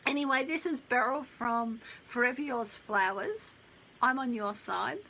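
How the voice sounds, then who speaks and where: A woman's voice: on the high side, unhurried, sharp tone, a little hiss or hum, rough recording. A middle-aged Australian woman, a wedding planner telling stories in a chatty, rambling live stream and talking straight to her viewers. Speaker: wedding planner and textile artist. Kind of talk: casual live-stream storytelling.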